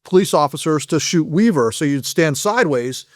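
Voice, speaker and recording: A middle-aged man talks fast in a podcast interview, with frequent restarts and self-corrections. His voice sits a little high for a man. The recording is dry and close. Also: expressive, dry recording. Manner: fast, rambling explanations full of restarts. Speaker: guest, former SWAT operator and FBI agent.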